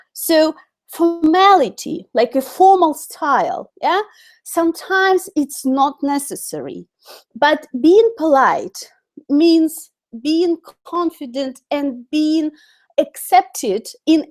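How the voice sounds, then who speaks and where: Russian-accented woman teaching English live. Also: high voice. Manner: chatty, many fillers and self-corrections. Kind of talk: live-streamed online lesson.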